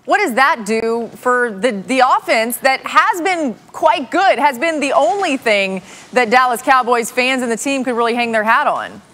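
A woman hosting a studio sports show, crisp and brisk with a wry touch. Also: fairly high pitch, expressive, fairly bright tone. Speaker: show host.

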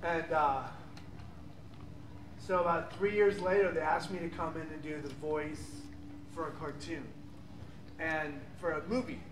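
High-voiced man telling stories on a convention panel. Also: measured pace, pauses often. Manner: lively, laughing often, rambling with fillers. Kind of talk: animated panel storytelling. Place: large convention hall. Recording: echoey, distant, noisy convention hall.

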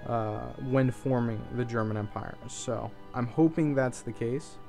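A man's voice: mid-range voice, a little slow, warm tone, faint music behind. A man giving casual gameplay commentary, thinking aloud in an offhand way and swearing now and then. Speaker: let's play host.

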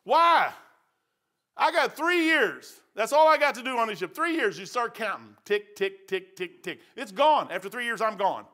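A middle-aged man preaching a sermon in a church, telling folksy stories, saying "man" often and swinging from loud to quiet. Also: very high voice. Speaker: pastor. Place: church sanctuary.

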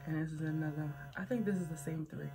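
Chatty young woman, lowish voice. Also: steady tone, quick pace, warm tone, faint music behind. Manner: chatty, frank, swearing, addressing viewers as y'all. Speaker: vlogger reviewing adult toys. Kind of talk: casual chat to camera.

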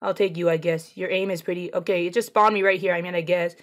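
Gameplay streamer, woman, chatty and excitable, taunts enemies while she plays. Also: on the low side, fast. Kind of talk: casual gameplay commentary.

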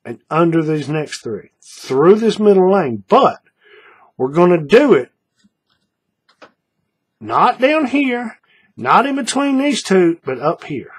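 A man's voice: high-pitched, sing-song, slow, long pauses, slightly rough. A man teaching a paracord bracelet step by step in a folksy tutorial, repeating each move and checking in with viewers. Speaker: paracord craft instructor. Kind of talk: hands-on tutorial narration.

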